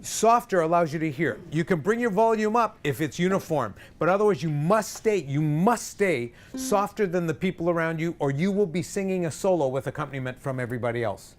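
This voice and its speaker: A man's voice: on the high side, expressive, a little fast, few pauses. A man leading a choir rehearsal, counting in and singing short examples with energy. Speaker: choir director. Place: rehearsal room.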